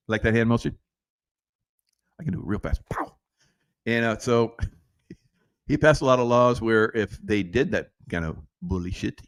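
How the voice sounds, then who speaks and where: Male vlogger, rambling political rant, sarcastic and profane with frequent chuckles, deep-ish voice, dry room. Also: clean tone, no echo. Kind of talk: rambling off-the-cuff monologue.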